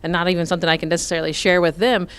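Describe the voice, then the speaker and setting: A middle-aged woman from Nebraska answering interview questions about farm finances in a measured, explanatory way, with frequent fillers. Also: fairly low pitch, steady tone, clean tone. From Nebraska, USA. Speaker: farm finance expert, guest.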